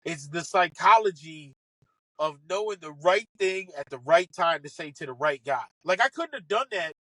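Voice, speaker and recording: A man telling stories from his caddying days in an animated way, acting out what other people said. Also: on the high side, dry recording, poor audio. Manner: fast, excitable, acts out other people's quotes. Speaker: podcast guest, former caddy. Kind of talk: animated storytelling.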